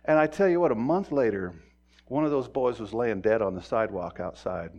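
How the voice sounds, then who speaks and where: A middle-aged man preaching a sermon in a conversational way, acting out quoted voices and moving from quiet talk to loud emphasis. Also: medium pitch, lively intonation, a little fast, dull audio. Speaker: pastor.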